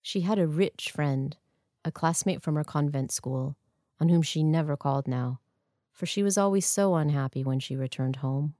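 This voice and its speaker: A woman narrating a story in a measured, even storytelling manner. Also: sits low, no room sound. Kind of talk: scripted narration. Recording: dry close studio sound.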